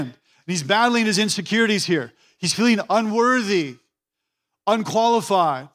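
A man's voice: sits high, a bit bright. A man pastor preaching a sermon in a church, repeating key phrases for emphasis and acting out the voices he quotes.

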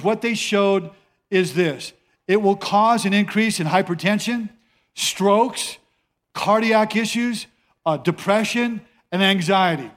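Pastor guy preaching, kinda high voice, chatty and repeats stuff for emphasis. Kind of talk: sermon.

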